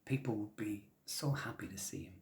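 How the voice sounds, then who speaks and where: A man telling traditional stories to children in a gentle, soft-spoken way that often drops to a whisper. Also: lowish voice, normal speed. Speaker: traditional storyteller. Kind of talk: storytelling for children.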